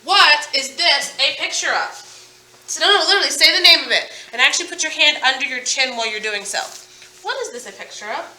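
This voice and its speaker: A woman teaching a phonics lesson to children, sounding out words slowly and with emphasis. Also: sits high, animated, bright, forceful tone, far from the mic, a little hiss or hum. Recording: echoey room, voice from off-mic.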